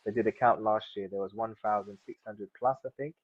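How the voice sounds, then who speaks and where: A man's voice: on the low side, steady tone, a little fast, breathy edge, no room sound. A man in his thirties from South London, chatting casually as an interview guest, rambling with lots of fillers and restarts. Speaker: guest, seaweed farmer. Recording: dull lo-fi sound.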